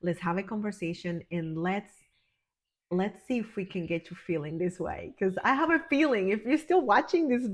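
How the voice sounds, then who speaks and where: A woman's voice: medium pitch, lively intonation, moderate pace. A woman who works as a healer and life coach, talking straight to the camera in an effusive, emphatic way and calling the viewer honey and my friend. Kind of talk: motivational direct-to-camera talk.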